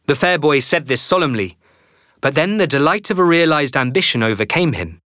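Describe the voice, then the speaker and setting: A male narrator reads a novel aloud, measured and expressive. His pitch rises and falls in a lively way. The recording is dry and close, with no room sound. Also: no room sound. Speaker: audiobook narrator. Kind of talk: scripted narration.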